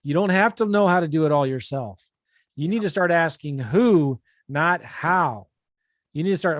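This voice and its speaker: A man's voice: a little high, normal speed, no room sound, clean studio sound. A man hosting a real estate coaching talk, speaking in a conversational way and acting out what people think in quoted bits. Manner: animated, acts out people's thoughts in quotes. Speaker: real estate investing coach and show host.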